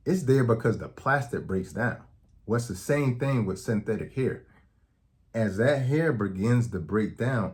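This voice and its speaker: Deep-voiced man explaining casually. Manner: conversational, repeats "okay?" to check in; acts out quoted dialogue in anecdotes. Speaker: health educator. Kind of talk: direct-to-camera talk.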